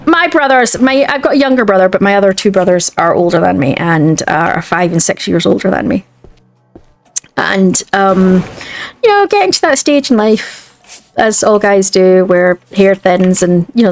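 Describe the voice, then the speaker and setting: A woman's voice: mid-range voice, a little hiss or hum. A woman with a Scottish accent, chatting casually while streaming a game, rambling and often restarting her sentences. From Scotland. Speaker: gaming streamer. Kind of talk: casual chat while gaming.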